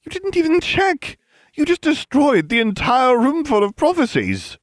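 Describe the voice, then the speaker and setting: A man voicing a frantic, studious teenage girl witch, high-pitched and scolding. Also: huge pitch swings, fairly quick, dry recording.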